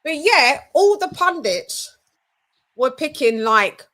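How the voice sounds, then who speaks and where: A woman's voice: high-pitched, very animated, slow, fairly bright tone. A British woman hosting a casual online show, chatty, laughing and loose with her words. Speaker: host. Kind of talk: casual chat.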